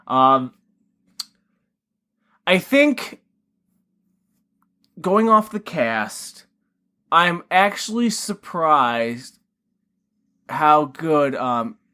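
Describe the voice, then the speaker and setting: A man co-hosts a podcast, reviewing a film in rambling, casual chat packed with fillers and offhand swearing, and he puts on mock voices when quoting characters. His voice sits on the high side with big pitch swings, bright, forceful and smooth, and he speaks very slowly with frequent pauses.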